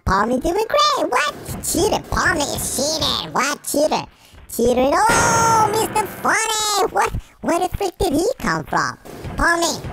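A performer voicing an excitable male cartoon chipmunk gamer through a sped-up high voice filter, giving squealing game commentary. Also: background noise. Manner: squealing, giggly, exclaims constantly. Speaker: let's play commentator. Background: game music.

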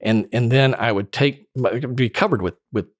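This podcast guest, a middle-aged former sales director, speaks in a mid-range voice at a moderate pace, telling stories animatedly and laughing frequently. The casual interview has a dry recording with clean studio sound.

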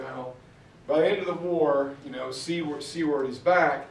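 A man's voice: on the high side, moderate pace, a little hiss or hum. A man giving a storytelling history lecture, acting out the quotes with shifting voices. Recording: roomy far-off mic recording.

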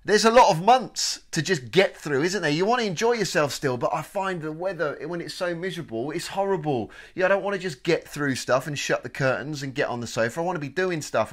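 A British man co-hosting a comedy podcast, chatting in an animated, jokey way with swearing and laughter. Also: on the high side, brisk, hardly any pauses. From United Kingdom. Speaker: podcast co-host. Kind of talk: casual comedy podcast chat.

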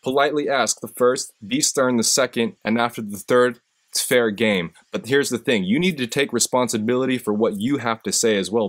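A man hosting a live stream, telling stories and giving a profane, impassioned motivational speech that rises in intensity when he gets fired up. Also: fairly low pitch. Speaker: host.

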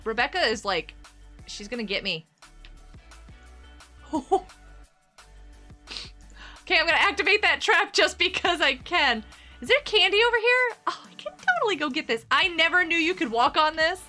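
Woman, game streamer, bubbly, giggly, bright voice, faint background music. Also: high-pitched. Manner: bubbly, giggly, chatting with viewers. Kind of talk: casual live-stream chatter while gaming.

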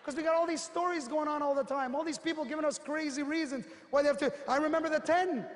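High-voiced man giving an animated seminar talk. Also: fast, in a large hall. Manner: animated storyteller, acts out quotes, punchy asides. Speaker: motivational speaker.

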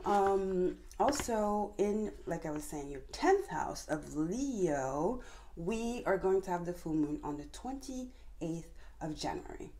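A woman giving a tarot reading to viewers, talking fast and passionately and calling on Spirit. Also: fairly low pitch, expressive, mellow. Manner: addresses viewers directly, calls on Spirit. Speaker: tarot reader.

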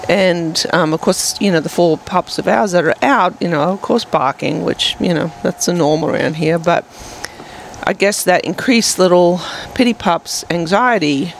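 A woman's voice: fairly low pitch, moderate pace, creaky, a little hiss or hum, low-quality recording. A woman co-hosting a podcast, telling a long rambling story in casual chat with many fillers. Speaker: podcast co-host.

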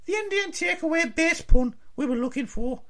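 A man doing a chirpy high-voiced TV quiz host. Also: expressive, moderate pace, sharp tone, full character voice. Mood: chirpy teasing. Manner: chirpy, teasing. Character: chirpy male TV presenter, cheeky, upbeat. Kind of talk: comedy radio sketch.

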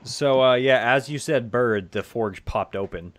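A man's voice: mid-range voice, a little slow. A man running a tabletop game as game master, casual and rambling, often laughing and swearing.

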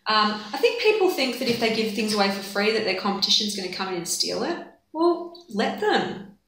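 A woman, a guest on an interview, giving marketing advice in a relaxed, chatty way. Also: medium pitch, brisk, slight background noise. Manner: relaxed, chatty, laughs easily. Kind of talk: casual interview chat. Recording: echoey room.

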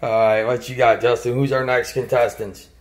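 A man's voice: mid-range voice, flat delivery, moderate pace. A man playfully hosting and announcing toy car races at home for his son, like a goofy announcer. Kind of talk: playful home video commentary.

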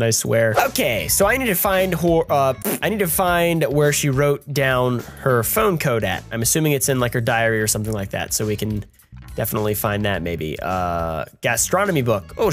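A young man giving crude, sarcastic commentary while playing a game, jumping between high mock voices and low mumbles. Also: a bit bright. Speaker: gaming commentator. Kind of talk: crude joking let's-play commentary. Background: faint game music.

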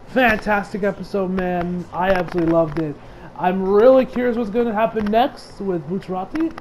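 A man giving a casual, rambling and profane recap of an anime episode, with lots of filler words and bursts of excitement. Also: high-pitched, background noise. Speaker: anime reviewer.

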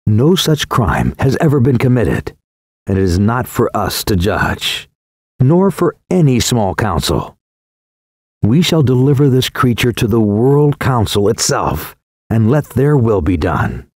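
A man's voice: medium pitch, sing-song, a little slow, a little mellow, dry recording, studio quality. A man voicing a stern male council elder, cold and condemning, in a scripted storybook reading.

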